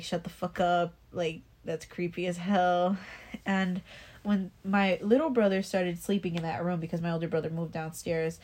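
A woman's voice: lowish voice, darkish tone. A young woman casually telling a personal story, rambling, swearing a lot and restarting her sentences. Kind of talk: casual chat.

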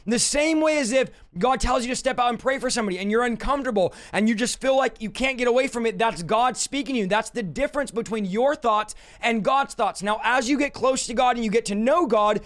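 A man's voice: very high voice, fairly quick, hardly any pauses, fairly bright tone. A young man preaching a sermon directly to his listeners, with an emphatic manner. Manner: emphatic, direct, addresses listeners as "you guys".

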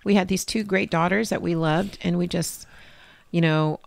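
A woman's voice: fairly low pitch, fairly even intonation, moderate pace, gravelly. A middle-aged woman, a mother and interview guest, telling rambling personal stories and acting out what others said. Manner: rambling, acts out quoted people in changed voices. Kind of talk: candid personal storytelling.

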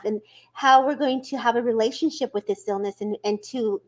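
High-voiced animated woman. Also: normal speed. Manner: animated and encouraging, warm spiritual talk. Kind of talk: casual spiritual chat.

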